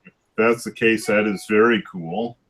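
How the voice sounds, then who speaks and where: A man chatting casually, with many restarts and halting phrases, sounding keen about cartoon news. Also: on the low side, fairly even intonation, poor audio. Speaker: cartoonist in a drawing group. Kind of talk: casual chat.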